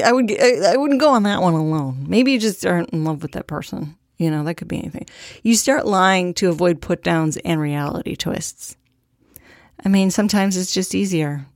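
A woman's voice: on the low side, lively intonation, brisk, darkish tone, dry recording, clean studio sound. Blunt, candid woman on a podcast. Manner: candid, profane and self-deprecating. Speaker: podcast host. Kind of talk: casual monologue.

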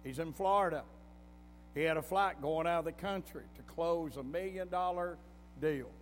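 A man's voice: a little high, normal speed. A man preaching a sermon in a folksy storytelling manner, breaking into emphatic bursts. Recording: long hall reverb with faint music.

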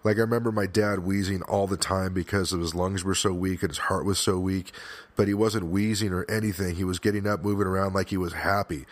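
Man, very low voice, podcast host, reflective monologue, earnest, emotional, halting. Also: fairly even intonation, no room sound. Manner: frequent restarts and fillers, swears at times.

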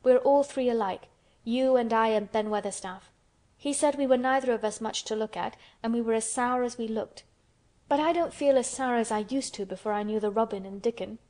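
Woman reading a sickly excitable boy; lift the voice, keep it eager and fretful. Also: brisk, lightly acted. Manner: eager and high-strung. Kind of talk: storybook character voice.

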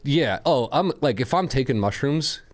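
A young man, a podcast guest, telling stories in an animated, sensitive way in casual chat. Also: mid-range voice, moderate pace. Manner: animated storyteller, self-described as sensitive.

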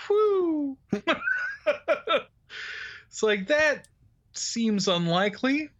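A man co-hosting a casual movie recap podcast, animated and laughing often as he talks. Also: sits high, slow, pauses often, muffled recording. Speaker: podcast co-host.

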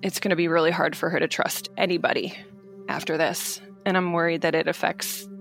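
A woman, the sister of the subject, retelling events with animated disbelief and getting choked up. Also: lowish voice, fairly quick, gravelly, soft background music. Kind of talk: emotional retelling.

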